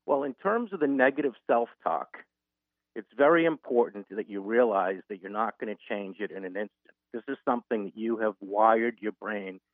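A man's voice: lowish voice, normal speed, dry recording. A man who is an author and guest, earnestly walking listeners through an example in a radio interview. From Boston. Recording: narrow phone-line sound.

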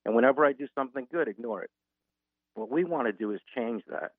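A man's voice: mid-range voice, quick pace, no echo. A man who is an author and guest, earnestly walking listeners through an example in a radio interview. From Boston. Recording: narrow phone-line sound.

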